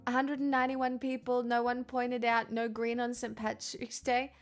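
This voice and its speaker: A woman's voice: fairly high pitch, little pitch movement, normal speed, soft background music. A tired Australian woman livestreaming, chatting with viewers, laughing often and swearing freely. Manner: giggly, sweary, rambling. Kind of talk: casual chat reading viewer comments.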